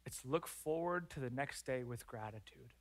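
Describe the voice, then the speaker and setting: A male pastor preaching a sermon in church, animated and acting out prayers and complaints. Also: medium pitch, moderate pace. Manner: animated, acts out prayers and complaints in lively voices.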